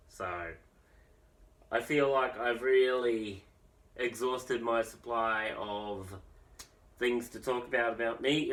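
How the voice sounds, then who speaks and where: A man, chatting casually to his viewers in a rambling, opinionated way, full of restarts and fillers. His voice sits at an ordinary middle pitch and sounds a bit distant from the microphone. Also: a bit bright. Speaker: musician. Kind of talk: casual vlog talk to camera.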